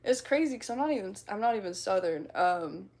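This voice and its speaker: A woman's voice: mid-range voice, animated, fairly quick, a little mellow. A woman from the American Midwest with a slight Midwestern twang, chatting casually on a livestream in a giggly, playful, self-teasing way. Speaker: streamer. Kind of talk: casual livestream chat reading comments.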